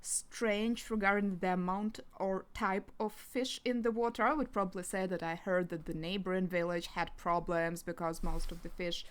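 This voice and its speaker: A woman's voice: on the low side, steady tone, moderate pace, few pauses, clear, resonant tone. A woman playing an agent in a tabletop game, speaking hesitantly with many fillers. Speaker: player.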